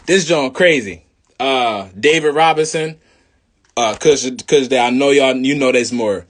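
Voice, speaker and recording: A young man in a casual, slangy monologue, preaching about spirit and law, swinging between loud bursts and low mutters. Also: unhurried. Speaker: video host.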